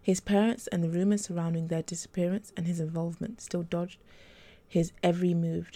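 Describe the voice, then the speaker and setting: Woman with a low gravelly voice. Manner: steady, unhurried reading. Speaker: podcast storyteller. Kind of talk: reading a romance novel aloud.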